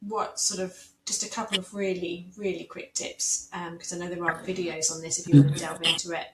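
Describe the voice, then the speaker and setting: A woman's voice: on the low side, little pitch movement, a little fast. A woman hosting a podcast, asking friendly prompting questions and signing off the show. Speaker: podcast host. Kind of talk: interview hosting. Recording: echoey room with faint noise.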